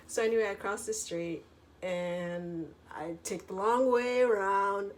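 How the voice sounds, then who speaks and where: A woman's voice: mid-range voice, a little slow. A woman vlogger in a casual storytelling monologue, chatty, full of filler words and casual swearing.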